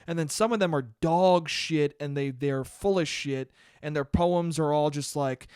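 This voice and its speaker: A man's voice: fairly high pitch, a little slow, few pauses, darkish tone, smooth, dry recording. Ranting young man, dry close sound. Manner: ranty, profane, mocking put-on poet voices. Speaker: podcast host. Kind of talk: solo comedic rant.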